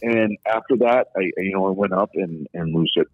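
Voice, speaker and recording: Low-voiced man over a thin phone line. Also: normal speed, slightly rough, no echo. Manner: long-winded, candid storyteller. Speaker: podcast guest, former pro hockey player. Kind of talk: casual anecdotal storytelling.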